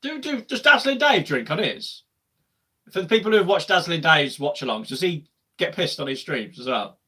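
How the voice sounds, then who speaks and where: Bright-voiced lad on a match watch-along. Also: male voice, a little high, expressive, normal speed, husky. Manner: chatty, swings to loud shouting at goals. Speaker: football watch-along streamer.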